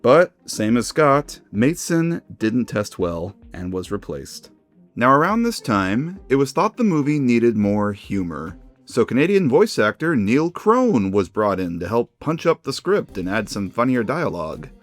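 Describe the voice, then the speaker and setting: A man's voice: mid-range voice, measured pace, no room sound, soft background music. A man hosting a video essay, narrating in a casual, enthusiastic way. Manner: enthusiastic, animated.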